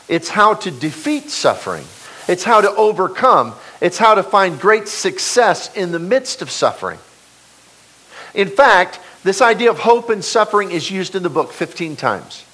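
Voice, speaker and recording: A man in his forties delivers a sermon in a high, lively voice that climbs and drops sharply. He stresses key words and repeats them for force, and he speaks into a clip-on mic. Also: rough recording. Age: 40s. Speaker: preacher.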